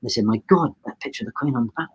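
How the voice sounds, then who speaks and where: A man's voice: mid-range voice, very fast, slightly rough, poor audio. A man in his sixties, a photographer being interviewed, telling a long story in a rambling way, acting out the dialogue and restarting his sentences. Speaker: photographer guest. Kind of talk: casual anecdote in a podcast interview.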